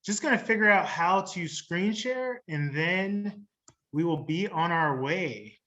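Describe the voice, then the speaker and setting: A man presenting an investment pitch over a video call, relaxed and joking while he sets up his screen. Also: slow pace, highs cut off.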